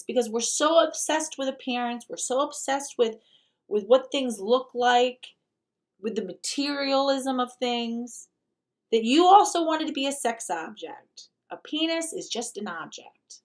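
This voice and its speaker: A woman's voice: fairly high pitch, lively intonation, unhurried. Blunt, fired-up woman host. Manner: emphatic, blunt and profane. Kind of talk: commentary reacting to a video clip.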